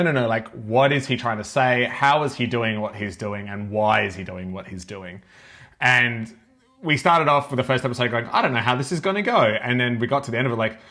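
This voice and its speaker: An Australian man, a guest on a podcast, telling stories in an enthusiastic, animated way. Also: mid-range voice. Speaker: podcast guest, actor and acting teacher. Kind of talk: casual podcast chat.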